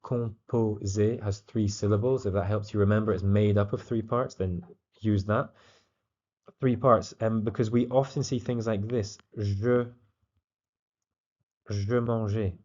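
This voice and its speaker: Male tutor, calm explanatory delivery with frequent fillers, warm low voice. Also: unhurried, dull audio. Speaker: French teacher.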